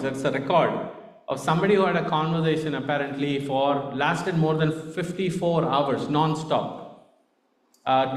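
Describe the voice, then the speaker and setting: A man's voice: a little high, reverberant. A man with an Indian accent giving a conversational sermon, often checking in with "right?". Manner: conversational, frequent "right?" tags. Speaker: preacher.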